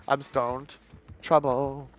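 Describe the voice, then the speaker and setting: A man streaming live, chatting casually and campily with his viewers while he plays, his pitch jumping up for excited bursts. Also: extremely slow. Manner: chatty and campy, reading chat aloud, swinging pitch. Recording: dull lo-fi stream audio.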